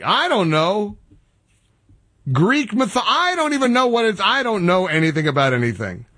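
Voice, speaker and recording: A talk radio host delivers an exasperated, sarcastic rant. His voice sits high for a man and swings widely in pitch. It has a husky edge and sounds dry and close to the mic. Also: a bit bright, dry recording. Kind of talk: opinionated talk radio monologue.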